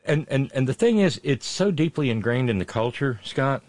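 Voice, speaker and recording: A man's voice: medium pitch, animated, normal speed, a little mellow, no room sound. A male talk show host reading out listener messages and commenting on them in a conversational way, with many filler sounds and blunt, sardonic remarks.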